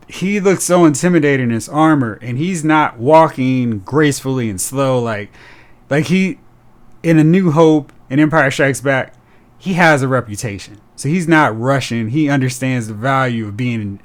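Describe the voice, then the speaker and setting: An animated male podcast host in casual chat, his voice sitting in an ordinary middle pitch. He breaks into quick impressions of characters as he talks.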